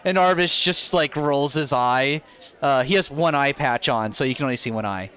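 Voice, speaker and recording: Bright, crisp-voiced man running a tabletop game. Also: medium pitch, normal speed, highs cut off. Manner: animated, filler-heavy narration. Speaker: dungeon master. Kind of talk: narrating a live tabletop game.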